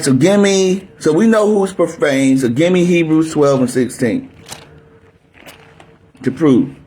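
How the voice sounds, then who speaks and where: A man's voice: medium pitch, a little mellow, slight background noise. A man preaching a fiery, aggressive sermon, barking at his listeners in a confrontational, drill-sergeant manner. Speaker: preacher teaching scripture.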